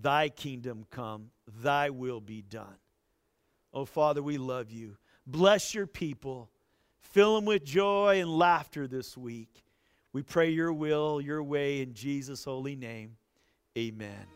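A male pastor preaching to online viewers and leading them in fervent, pleading prayer that swells and then falls soft, recorded in a church. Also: medium pitch, takes it slowly, soft background music.

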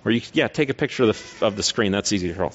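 A man's voice: on the low side, lively intonation, fast, muffled recording, slight background noise. A male preacher giving a sermon in an earnest, teacherly way, often posing rhetorical questions.

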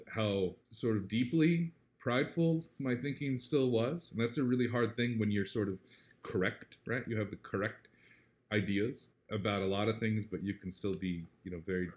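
A man being interviewed, talking in an earnest, reflective way. He often checks in with "right?" and grows animated when he retells a story. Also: fairly low pitch. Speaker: interview guest. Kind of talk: casual conversational interview.

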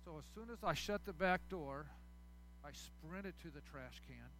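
A man with a high, bright voice preaches a sermon to his congregation. He swings between raised, forceful passages and soft, intimate asides. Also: animated, measured pace, a little hiss or hum. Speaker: pastor.

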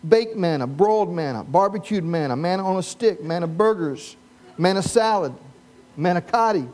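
A man preaching a sermon as pastor, animated and humorous, prompting the congregation with questions. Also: high voice, brisk.

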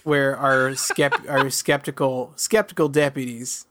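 A man co-hosting a casual podcast with a wry, easygoing delivery. His voice sits at a mid pitch, and he laughs as he talks. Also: fairly even intonation, a little slow, noisy background. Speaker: podcast co-host. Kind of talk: casual chat.

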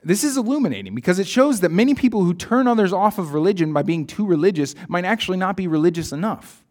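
A man's voice: high-pitched, animated, quick pace, darkish tone. A man preaching a sermon in an earnest, reflective way, reading his own poem aloud.

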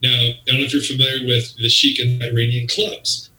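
In an interview, a wrestling promoter with a mid-range voice tells a story fairly quickly and with energy, voicing the people involved as he quotes them. The sound is roomy and he seems distant from the microphone.

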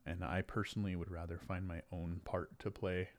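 A man's voice: sits low, flat delivery, brisk. A man speaking as a guest in a casual conversation, easygoing and thoughtful. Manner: thoughtful, easygoing, loose storyteller. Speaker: podcast guest.

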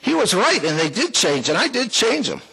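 A man's voice: sits high, huge pitch swings, normal speed, vocal fry, pushed and bright, husky, rough recording. A man giving a folksy, heartfelt personal testimony to a church congregation, with small jokes along the way. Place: church sanctuary, before the congregation.

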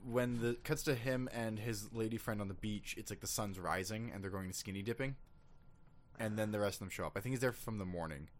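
A young man co-hosting a podcast, chatting about a movie in an animated, rambling way with lots of swearing and laughs. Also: lowish voice, a little fast. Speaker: podcast co-host. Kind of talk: casual movie review chat. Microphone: studio microphone.

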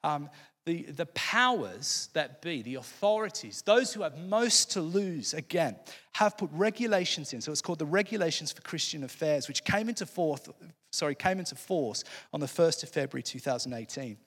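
A man's voice: fairly high pitch, lively intonation, moderate pace, fairly bright tone, slightly rough, long reverb tail. A man preaching an impassioned sermon as pastor of his church, earnest and fervent, often restarting his phrases.

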